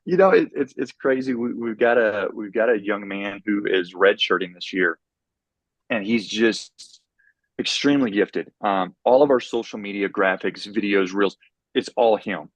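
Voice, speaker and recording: A middle-aged man, a college track coach, talking in a casual podcast interview with an intense, motivational drive and many quick restarts. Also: on the low side, no room sound.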